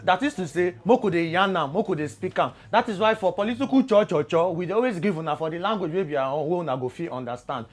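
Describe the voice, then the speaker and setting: A man's voice: high voice, fast talker, hardly any pauses. A young man with a Nigerian accent hosting a talk show in pidgin, echoing his guest's words back.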